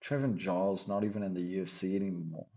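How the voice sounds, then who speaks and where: A man talking through his fight picks in a put-on Australian accent, rambling and thinking out loud as he second-guesses himself. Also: low-pitched, steady tone, fast talker, lo-fi sound. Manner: rambling, thinking aloud, self-correcting. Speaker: MMA fight picks commentator. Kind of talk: casual fight-pick chat.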